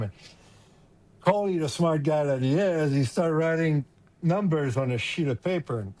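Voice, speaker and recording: A man's voice: a little high, moderate pace. Middle-aged man storytelling. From Quebec, Canada. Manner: emotional, animated anecdotes with quoted voices. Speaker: podcast guest, former hockey player. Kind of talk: casual storytelling interview.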